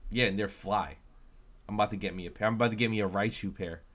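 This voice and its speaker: A man's voice: on the low side, fast talker, a bit bright. A man co-hosting a casual chat show, talkative and playfully teasing. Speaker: podcast co-host.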